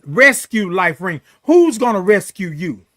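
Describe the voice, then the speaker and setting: A man's voice: high-pitched, very animated, a little slow, fairly bright tone. A middle-aged man hosting a morning live show, giving an emphatic, preachy pep talk that repeats key phrases and reads viewer comments.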